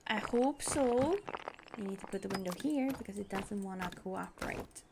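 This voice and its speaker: A young woman with a mid-range voice and vocal fry talks fast while streaming a building game, with background music and noise behind her. She chats casually, narrating her own actions aloud with bubbly giggles.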